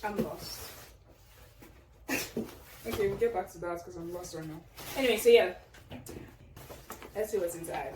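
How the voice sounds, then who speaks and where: A woman's voice: lowish voice, moderate pace, pauses often. A young woman vlogger unboxing birthday gifts in casual chat, gushing and exclaiming often. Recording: roomy echo, distant mic, faint noise.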